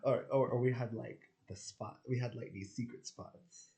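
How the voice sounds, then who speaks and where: A man's voice: medium pitch, steady tone, moderate pace, mellow. Rambling young man full of fillers. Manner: rambling, heavy filler words, swearing, acts out quoted people. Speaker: vlogger. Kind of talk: casual storytelling monologue.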